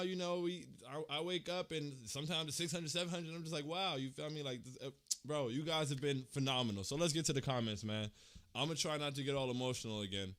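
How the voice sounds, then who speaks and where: A man's voice: medium pitch, fairly bright tone. A young man hosting a fan livestream, talking casually in slang and holding back tears, repeating himself as he thanks his viewers. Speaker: fan channel host.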